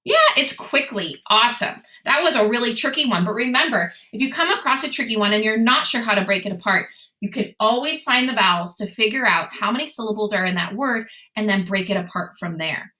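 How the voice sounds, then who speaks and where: A bright, lively young woman leads a children's phonics lesson, asking her class questions and answering them herself in an encouraging, sing-song voice. Her voice rings in an echoey room. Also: medium pitch, a little fast. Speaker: teacher.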